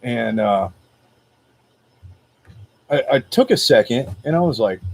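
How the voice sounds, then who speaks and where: A man hosting a motivational video, telling a personal story in a casual, animated, slangy way. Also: mid-range voice, slow, vocal fry, breathy edge. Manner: greets viewers live by name.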